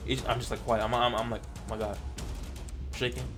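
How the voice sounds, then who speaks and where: A man from Delaware telling a personal story in casual vlog style, animated and stammering, acting out what he said back then. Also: medium pitch, a little fast, over music. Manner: animated, stammering, acts out his own past lines. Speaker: storytelling vlogger.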